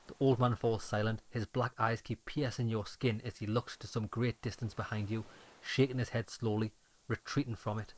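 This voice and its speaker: A man narrating game text aloud in a steady, plain reading voice. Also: on the low side, normal speed. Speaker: let's-play narrator.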